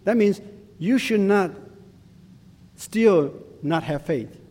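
Slow-speaking man preaching in a hall. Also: high-pitched, expressive, darkish tone. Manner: slow, deliberate preaching in simple non-native English. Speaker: pastor. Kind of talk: sermon. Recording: long hall reverb.

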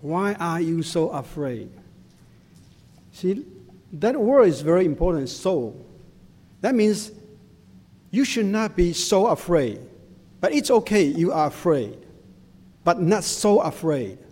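Slow-speaking man preaching in a hall. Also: high voice, big pitch swings, darkish tone. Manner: slow, deliberate preaching in simple non-native English. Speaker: pastor. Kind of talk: sermon. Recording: long hall reverb.

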